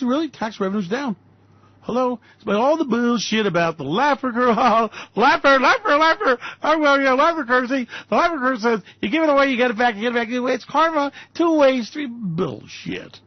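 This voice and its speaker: A man's voice: high voice, no echo, dull audio. A man hosting financial commentary, ranting with sarcastic, mocking and profane remarks about economic policy.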